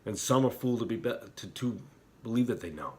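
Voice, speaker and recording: A middle-aged man talking as an internet preacher, heated and emotional in places, quiet and somber in others. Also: medium pitch, expressive, fast. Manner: heated, talks with rising emotion and repeated apologies; quiet and somber when reflecting. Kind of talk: impassioned religious commentary.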